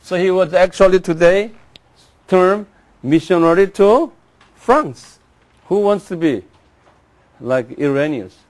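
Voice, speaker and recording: Slow high-voiced man teaching a class. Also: a little mellow. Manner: drills pronunciation, repeating names and asking the class to say after him. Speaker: Bible teacher. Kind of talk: classroom lecture.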